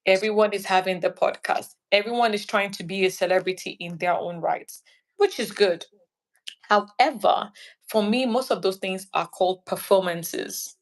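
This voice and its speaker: A woman's voice: mid-range voice, moderate pace. A woman from Nigeria, a guest in an interview chat, talking animatedly and acting out little scenes. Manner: animated, acts out little scenes in quoted voices.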